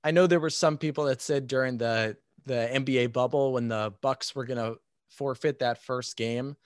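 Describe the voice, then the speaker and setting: A man's voice: mid-range voice, steady tone, normal speed, no room sound, studio quality. A man talking as a guest on a sports podcast, hesitant and full of restarts. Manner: hesitant, many restarts and fillers. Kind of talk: casual sports podcast chat.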